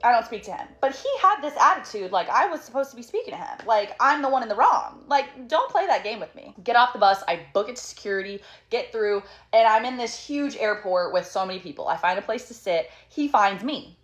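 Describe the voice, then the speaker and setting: A woman's voice: a little high, expressive, brisk, hardly any pauses, a bit bright. A young woman casually telling a storytime, chatty and dramatic with sassy asides.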